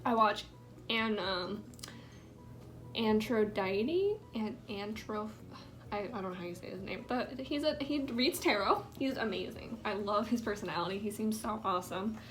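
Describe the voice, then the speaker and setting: A woman's voice: medium pitch, a little slow. A young woman chatting in a rambling, filler-heavy way while doing her makeup at home, sometimes dropping into a whisper. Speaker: vlogger. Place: indoors at home.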